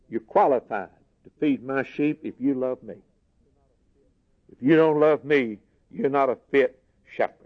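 A man preaching a sermon in earnest, plain folksy words, dropping to a hush and then rising for emphasis. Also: mid-range voice, measured pace. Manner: earnest, swings from soft and hushed to raised emphasis. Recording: dull lo-fi sermon recording.

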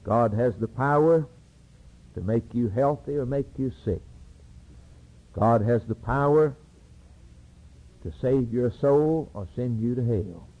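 Slow, husky male preacher. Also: medium pitch, dull audio. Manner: dramatic, solemn preaching. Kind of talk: sermon.

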